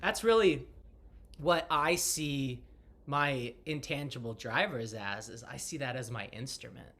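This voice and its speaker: Male guest, bright tone, softly enthusiastic, pauses to find words. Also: medium pitch. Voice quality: soft, enthusiastic, searching for words. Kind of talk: casual video chat.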